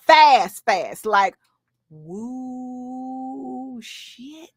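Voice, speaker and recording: A woman in her thirties telling a story in casual, slangy chat, animated, laughing and swearing as she goes. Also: high-pitched, slow, no echo, clean studio sound. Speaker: podcast co-host.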